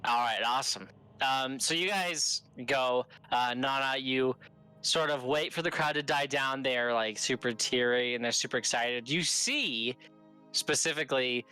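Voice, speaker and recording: Bright-voiced male game master. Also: mid-range voice, a little slow, smooth, soft background music. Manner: loose, rambling narration with many fillers. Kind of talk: narrating a tabletop game.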